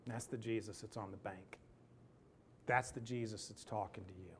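A man preaching a sermon, telling a personal story in an animated, emphatic way and then leading a hushed, earnest prayer. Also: lowish voice, moderate pace, slight background noise.

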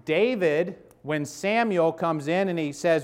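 Guy in his 50s preaching in church, kinda high voice, chatty, keeps asking the crowd "right?". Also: slow pace, smooth. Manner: conversational preaching with frequent "okay?" and "right?" asides to the congregation. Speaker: pastor. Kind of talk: sermon.

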